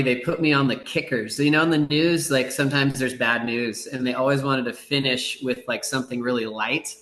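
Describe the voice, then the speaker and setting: A middle-aged man chatting as a podcast guest, telling rambling, relaxed stories with many fillers and acted-out quotes. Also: mid-range voice, echoey room. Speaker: surf broadcaster, podcast guest. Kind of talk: casual storytelling in a podcast interview.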